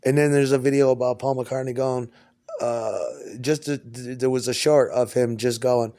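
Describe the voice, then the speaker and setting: Man, mid-pitched, at home: loose, profane, rambling solo talk. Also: fairly even intonation, normal speed, mellow. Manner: profane, stream-of-consciousness rambling. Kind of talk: rambling monologue.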